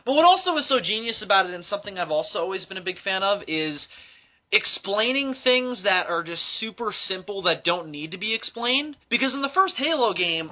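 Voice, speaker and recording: A young man co-hosting a podcast in casual chat, animated, laughing often and acting out quoted lines. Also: high voice. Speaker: podcast co-host. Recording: dull lo-fi podcast audio.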